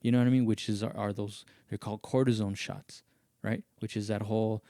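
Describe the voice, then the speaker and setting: A man in casual podcast chat with a mellow, warm tone, recorded close and dry. He tells his story animatedly, jumping up high whenever he mimics other people's lines. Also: a little fast, creaky, no echo. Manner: animated, acts out others' lines in raised voices. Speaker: podcast host.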